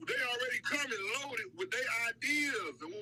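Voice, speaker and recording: A man's voice: extremely high pitch, animated, moderate pace, bright, forceful tone, slight background noise, low-quality recording. An older man telling a story in a heated, profane way during a casual group discussion. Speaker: panel member.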